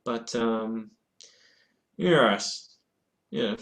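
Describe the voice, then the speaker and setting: A man's voice: medium pitch, very slow, creaky, fairly bright tone. A man in a casual webcam chat about board games, answering viewer questions in a rambling, hesitant way with lots of fillers and restarts. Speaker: board game vlogger. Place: at home in front of a game shelf.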